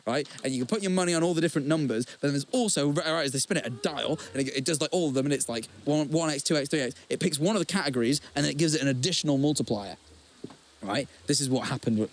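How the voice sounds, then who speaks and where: A young man co-hosting a podcast, telling stories in casual chat with lots of swearing and repeated words. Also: a little high. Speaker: podcast co-host.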